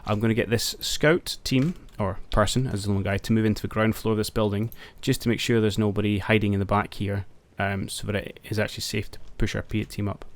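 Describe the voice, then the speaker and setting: A gameplay commentator with a fairly low voice narrates a tactical war game in casual let's-play style, talking fairly quickly with few pauses. He thinks aloud, hesitates with ums, breaks into excited outbursts, and cheers on his soldiers like a coach.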